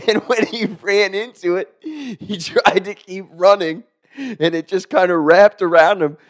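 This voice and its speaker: A man's voice: high-pitched, a little slow, dry recording, clean studio sound. A man casually telling a funny story, chuckling as he goes and swearing freely. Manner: chuckles through the telling, profane, animated.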